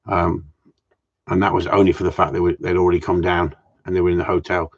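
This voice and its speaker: A man's voice: deep voice, flat delivery, quick pace, breathy edge. A man with a chatty, joking manner, hosting a casual live stream for his followers. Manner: jokey, chatty, greets viewers by name. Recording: dull lo-fi stream audio.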